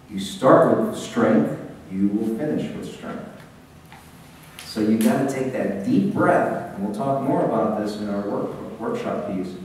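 A man's voice: mid-range voice, a little hiss or hum. Man projecting to an echoey hall. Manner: animated, projecting, talks straight to the audience. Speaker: business speaker. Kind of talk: live seminar talk. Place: seminar hall. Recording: echoey hall, taped from far off.

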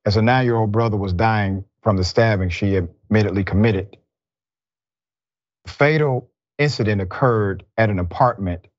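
A male show host delivering news commentary in a somber, deliberate manner. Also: lowish voice, a little mellow, dry recording, highs cut off.

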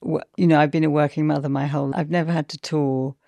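A woman hosts a relaxed interview in a very low voice. She offers encouraging asides as her guest talks. The sound is dry and close. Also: fast talker, no echo. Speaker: host. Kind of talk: conversational interview.

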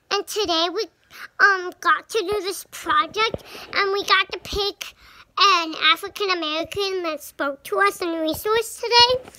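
A young girl of about nine chats through her home vlog in a bubbly, filler-filled way. Her voice sits very high and bright. She talks slowly and unhurriedly. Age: child, about 9. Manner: chatty, bubbly, full of fillers. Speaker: vlogger. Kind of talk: casual vlog chat.

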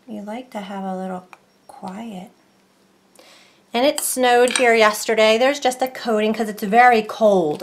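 Chatty woman rambling through a craft tutorial. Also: mid-range voice. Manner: rambling, chatty, self-interrupting. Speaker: craft vlogger. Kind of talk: casual crafting tutorial chat.

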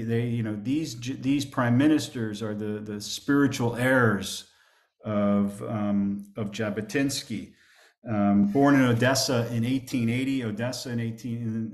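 Male rabbi lecturing from slides, mid-pitched, stop-start delivery, roomy echo. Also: darkish tone. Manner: halting, many fillers and restarts; reads quoted texts aloud with more emphasis. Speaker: rabbi teaching a class. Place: synagogue classroom.

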